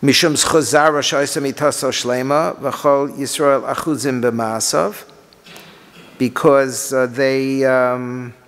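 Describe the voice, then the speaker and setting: Impassioned rabbi in a reverberant hall. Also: male voice, medium pitch, steady tone, slow pace. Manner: impassioned, swings from quiet explaining to pleading cries; reads Hebrew lines then explains them. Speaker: rabbi teaching a class. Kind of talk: Torah lecture on liturgical laments.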